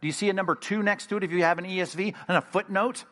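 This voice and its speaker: A male pastor preaching a sermon in an animated, emphatic way, with sudden loud bursts. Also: high voice, very fast.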